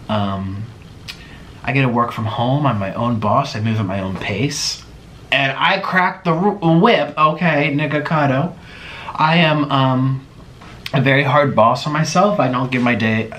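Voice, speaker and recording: A young man in his twenties chats casually at home while answering viewers' questions, his mid-pitched voice swinging theatrically between loud bursts and quiet asides. Faint room ambience sits behind him. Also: a little hiss or hum. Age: 20s. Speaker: mukbang host.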